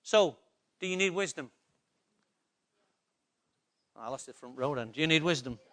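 Male preacher, high voice, emphatic sermon delivery, repeats lines, quizzes the congregation. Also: animated, normal speed, pushed and bright. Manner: emphatic, repetitive, asks the congregation questions. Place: church.

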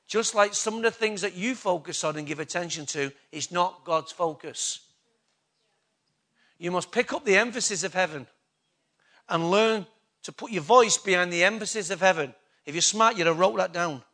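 A man's voice: sits high, normal speed, bright, forceful tone. A man preaching a sermon, emphatic and full of rhetorical questions to the congregation.

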